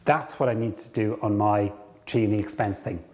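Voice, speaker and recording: A man coaching viewers on career ideas, telling a story to camera, acting out bits of dialogue and slowing down to stress key points. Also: fairly low pitch. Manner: lively storyteller, acts out dialogue.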